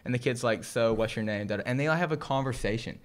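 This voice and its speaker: A young man from Southern California co-hosting a podcast, telling a funny story in a lively way, laughing and acting out the people in it. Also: mid-range voice, fast talker. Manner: animated, laughing, acts out the people in his story. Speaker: podcast co-host. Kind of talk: casual storytelling.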